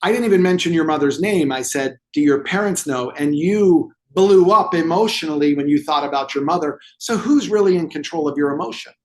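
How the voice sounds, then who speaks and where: A man's voice: fairly high pitch, brisk, few pauses. A man telling a client story as a guest in an interview, acting out the dialogue with animation. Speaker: movement therapy expert guest.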